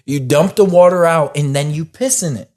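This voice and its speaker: A man's voice: on the high side, moderate pace, darkish tone. A young man joking around and laughing in a casual podcast chat. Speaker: podcast co-host.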